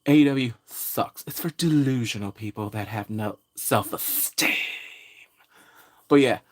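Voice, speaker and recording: A man's voice: mid-range voice, measured pace. A man hosting a pop culture vlog, ranting casually and trash-talking in a brash, jokey way. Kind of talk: casual rant to camera.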